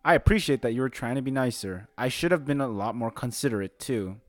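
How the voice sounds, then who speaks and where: A man's voice: mid-range voice, animated, fast, no echo, faint music behind. A man reading a visual novel's narration and lead lines aloud in a casual, joking let's play. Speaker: gamer reading the protagonist.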